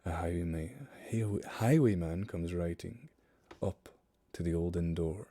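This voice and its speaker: A young man reading a narrative poem aloud on a livestream, slow and hushed, drawing out the dramatic lines. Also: low-pitched, vocal fry, slightly rough.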